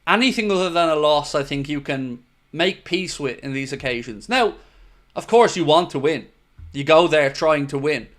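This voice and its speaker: Irish man, young, live stream host, chatty, slightly higher voice, reads comments aloud. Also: expressive, moderate pace, a bit bright. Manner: chatty, reads out viewer comments, casual swearing. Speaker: watchalong host.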